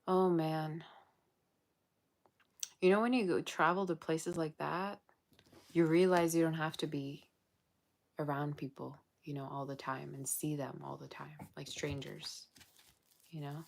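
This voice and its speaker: A woman's voice: deep voice, steady tone, a little slow, gravelly, long pauses. A woman giving a casual tarot reading, chatty and blunt with exasperated asides, sounding tired and yawning. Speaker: tarot reader.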